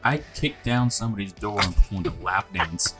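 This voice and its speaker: A man's voice: fairly low pitch, lively intonation, fairly quick, music in the background. A young man co-hosting a podcast, telling a story in a laid-back casual chat. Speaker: podcast co-host.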